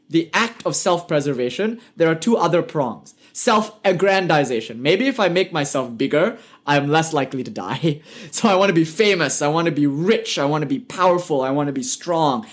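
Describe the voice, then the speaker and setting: A man with a British accent teaches a live online class on spiritual life. His voice sits a little high for a man. He speaks earnestly, drives points home with rhetorical questions and drops in light joking asides.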